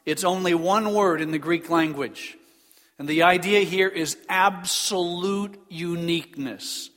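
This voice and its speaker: A man preaching a sermon in an earnest, emphatic way, slowing down on key phrases. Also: high-pitched, fairly bright tone. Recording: long reverb of a large hall.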